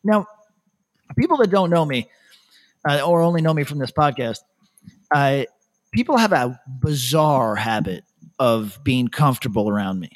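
A man hosting a podcast, telling rambling stories in casual chat, laughing often and dropping his voice low to quote people. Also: lively intonation, moderate pace, long pauses. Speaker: podcast host.

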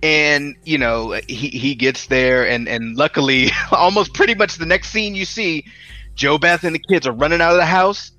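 A man co-hosting a casual movie podcast, animated, acting out scenes and laughing often. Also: on the high side, moderate pace, no echo, soft background music. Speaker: podcast co-host. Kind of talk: casual review chat.

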